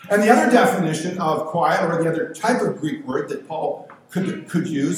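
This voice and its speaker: A man's voice: on the high side, expressive, faint music behind. Echoey fifty-something male preacher. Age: 50s. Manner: conversational and self-deprecating, with slow emphatic phrases. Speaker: pastor. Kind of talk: sermon. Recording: very echoey room with faint ambient noise.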